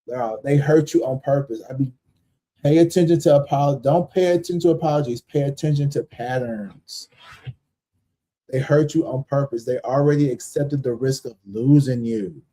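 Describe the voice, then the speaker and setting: Brief: male tarot streamer, very dark mellow tone, blunt and profane, casual delivery. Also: mid-range voice, normal speed, low-quality recording. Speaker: tarot reader and live stream host. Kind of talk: casual live-stream chat and reading.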